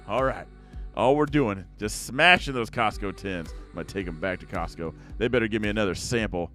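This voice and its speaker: A young man chatting casually to viewers as he opens card packs, rambling along and now and then breaking into excited outbursts. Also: lowish voice, normal speed, faint music behind. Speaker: card-opening YouTuber. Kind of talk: casual pack-opening chat to viewers.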